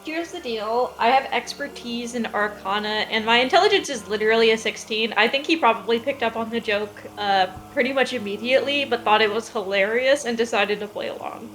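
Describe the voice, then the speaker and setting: A woman's voice: on the high side, brisk, hardly any pauses, a bit bright, slight background noise, rough recording. A woman playing a tabletop role-playing game, chatting casually as she explains her character's choices.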